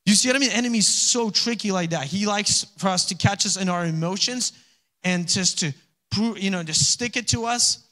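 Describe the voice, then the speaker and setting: Man preaching a sermon, high voice, chatty, acts out quotes, swells to loud calls. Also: expressive, normal speed, pauses often. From Alaska. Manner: conversational preaching, acts out little voices and laughs; rising to loud exhortation. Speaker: pastor.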